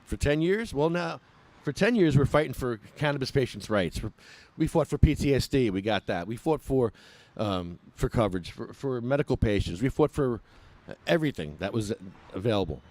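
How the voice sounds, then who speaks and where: A man's voice: medium pitch, sing-song, normal speed, a little mellow, dry recording. A man ranting with sarcasm as a cannabis patient activist, livestreaming from an outdoor protest on his phone.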